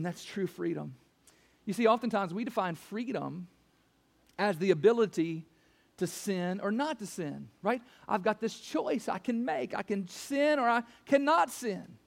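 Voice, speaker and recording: A male pastor with a high voice, lively intonation, and vocal fry preaches to his church at a measured pace. He's emphatic, repeating key phrases and rising to near-shouts on his main points.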